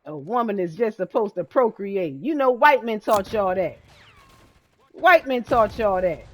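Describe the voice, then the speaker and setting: Woman, high voice, gaming streamer, blunt, repetitive, swearing, faint gunfire behind. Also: expressive, moderate pace, a little hiss or hum. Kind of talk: heated ranting while gaming. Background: video game gunfire.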